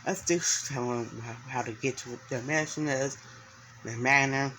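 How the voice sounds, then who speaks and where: A man's voice: mid-range voice, fairly even intonation, normal speed, sharp tone, slight background noise, rough recording. A man narrating an improvised story, rambling along with many restarts and fillers.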